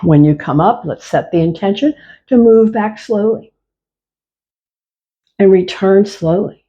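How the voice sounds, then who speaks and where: A woman leading a chair yoga class, giving calm, repetitive cues to move slowly and breathe. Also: on the low side, husky, dull audio. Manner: slow, calm, repetitive cueing. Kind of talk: guided exercise class instruction.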